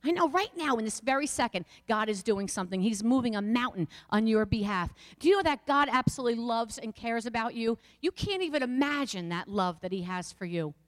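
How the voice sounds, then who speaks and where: A woman's voice: on the high side, animated, fairly quick, hardly any pauses, long reverb tail. A woman pastor preaching a passionate sermon, speaking straight to her listeners with rising and falling emphasis.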